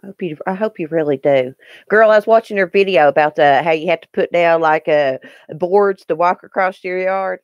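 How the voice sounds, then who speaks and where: A woman's voice: on the low side, normal speed, no echo, dull audio. A woman hosting a casual live stream, chatting earnestly with viewers and replying to their comments. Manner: chatty and earnest, with frequent ums and restarts. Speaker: YouTube live-stream host.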